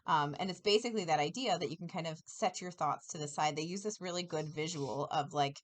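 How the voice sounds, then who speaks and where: A woman's voice: low-pitched, a little fast. A woman co-hosting a casual podcast chat, explaining ideas with visual examples and laughing often.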